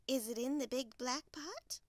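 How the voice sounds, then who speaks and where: A woman voicing a friendly female hen in a storybook, with a high, chirpy manner. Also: a little slow, a little mellow, no echo. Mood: cheerful.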